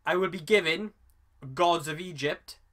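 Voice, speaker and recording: A man giving a casual, rambling film review, often restarting his sentences and filling pauses with ums and uhs. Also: a little high, pushed and bright. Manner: rambling, self-correcting, with many fillers. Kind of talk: casual spoken movie review.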